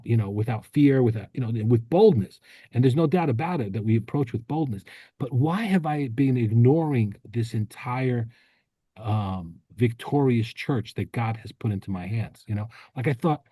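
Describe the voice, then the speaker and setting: A man co-hosting a podcast, telling a rambling story in casual chat with many restarts and quick laughs. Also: medium pitch, warm tone, no echo. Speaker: podcast co-host.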